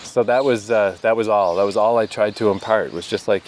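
A man's voice: fairly low pitch, steady tone, a little fast, hardly any pauses, a little mellow, slight background noise. A Canadian man talking casually to his camera outdoors in the rain, laughing often and swearing now and then. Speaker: vlogger. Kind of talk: casual vlog monologue.

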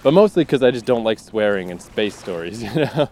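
A man's voice: lowish voice, animated, a little fast, a little mellow. A man, a fiction writer, talks casually about his writing, thinking aloud and acting out his characters' lines.

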